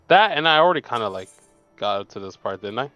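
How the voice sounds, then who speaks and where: A man's voice: medium pitch, very animated, fast talker, fairly bright tone, lo-fi sound, soft background music. A man playing along in a game stream, chatting in a teasing, sardonic way and laughing often. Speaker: co-player. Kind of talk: casual game chat.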